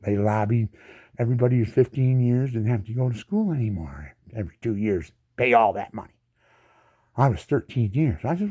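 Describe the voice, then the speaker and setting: A man's voice: medium pitch, expressive, moderate pace, mellow. A disabled veteran in his seventies, a man giving an indignant ranting monologue full of rhetorical questions and repeated words. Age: 70s. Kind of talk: angry monologue to camera.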